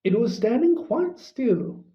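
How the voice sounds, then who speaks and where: A reader narrating a storybook in a measured, unhurried manner, in a slightly muffled recording. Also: medium pitch, very animated. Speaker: audiobook reader.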